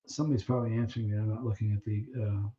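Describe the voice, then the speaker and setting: A man's voice: on the low side, flat delivery, racing, warm tone, highs cut off. A man hosting a casual live stream, chatting loosely with viewers, reading out their questions and trailing off while he searches for names.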